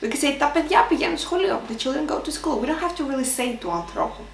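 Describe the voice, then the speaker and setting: Lady teaching grammar, kinda high voice, echoey room, mic a bit far off. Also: lively intonation, creaky, slight background noise. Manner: explains slowly, mixing Greek and English with fillers. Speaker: Greek language teacher. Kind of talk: online language lesson.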